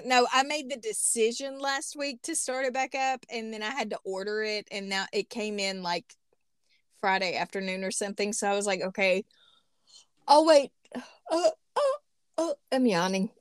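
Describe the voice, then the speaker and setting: A woman's voice: a little high, clean tone, no echo, studio quality. A woman, co-hosting a podcast in casual, rambling chat with self-deprecating jokes. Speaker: podcast co-host. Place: small closet.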